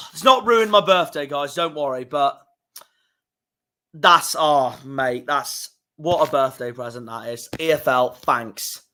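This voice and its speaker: A young man streaming live, reacting to football fixtures, swearing and fuming with loud outbursts. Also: on the high side, unhurried. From England. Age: young adult.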